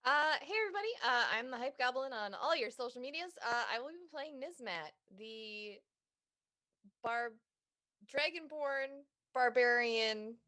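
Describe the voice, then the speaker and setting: A tired woman player introducing her character haltingly with many fillers. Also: sits high, expressive, sharp tone. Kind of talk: casual self-introduction.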